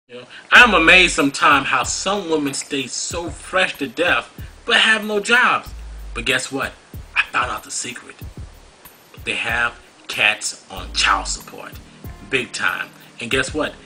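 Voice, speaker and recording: A man's voice: medium pitch, expressive, a little slow, pushed and bright, soft background music, rough recording. A man hosting a talk show, delivering a preachy, scolding monologue full of rhetorical questions. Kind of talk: monologue commentary.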